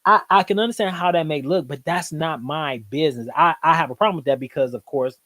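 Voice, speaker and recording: A man hosting a live stream, reacting to clips in rambling, animated casual commentary full of fillers. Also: fairly high pitch, a little fast, no room sound.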